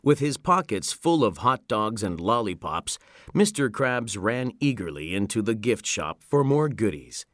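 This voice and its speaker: A man reading a children's story aloud in a slow, expressive narration. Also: on the low side, dry recording, studio quality. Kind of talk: scripted narration.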